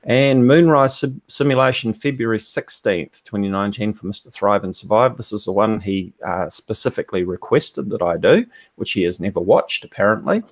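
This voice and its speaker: A man presenting a series of videos on a shared screen in a measured way, pausing often with ums. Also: on the low side, no echo. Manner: measured, hesitant with many ums. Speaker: guest presenter.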